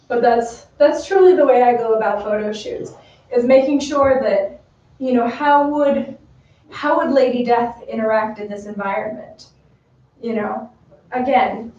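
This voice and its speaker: A giggly, chatty woman talks casually about her cosplay work, her voice a touch high and soft-edged. She sounds far from the mic, in an echoey room, and the audio is dull like a livestream. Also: unhurried. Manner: chatty, giggly, many fillers. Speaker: cosplay model. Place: room with a bar.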